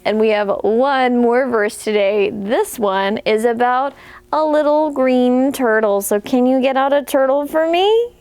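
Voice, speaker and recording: A woman's voice: high-pitched, animated, unhurried, a little mellow, clear, resonant tone, no room sound. A young woman, a children's librarian, leading a preschool story time with playful sing-song songs and action rhymes.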